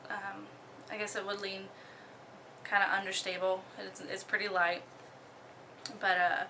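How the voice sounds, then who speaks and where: A young woman from Oklahoma casually talking through her disc golf bag, relaxed, with many ums and the odd giggle. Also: mid-range voice, a little slow, gravelly, background noise. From Oklahoma, USA. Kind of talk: casual show-and-tell.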